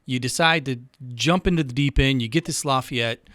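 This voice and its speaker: A man's voice: mid-range voice, moderate pace, a bit bright, dry recording, clean studio sound. A man hosting a podcast, asking long, winding questions with some restarts. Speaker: podcast host. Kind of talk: interviewing on a podcast.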